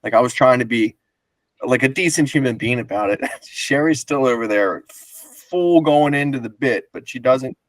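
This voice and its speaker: A man's voice: medium pitch, normal speed, dry recording. A man hosting a casual podcast, telling a long rambling story with laughs and swearing. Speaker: podcast host.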